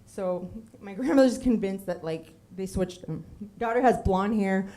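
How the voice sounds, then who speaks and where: A woman's voice: mid-range voice, unhurried, dark tone. A woman in her thirties from Miami, telling a comic personal story on a theater stage and acting out the voices of the people she quotes.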